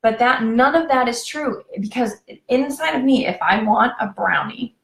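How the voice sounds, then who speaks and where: A woman's voice: fairly high pitch, moderate pace, creaky, a bit bright, roomy sound. A woman talking casually to her viewers, giving relationship advice with lots of fillers and direct questions. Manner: chatty, addresses viewers directly with frequent fillers. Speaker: relationship vlogger.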